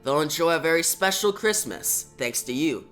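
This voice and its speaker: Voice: mid-range voice, animated, normal speed, soft background music, voice pushed down, lightly acted. A reviewer reading a supportive young woman. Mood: warm. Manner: read out plainly, soft.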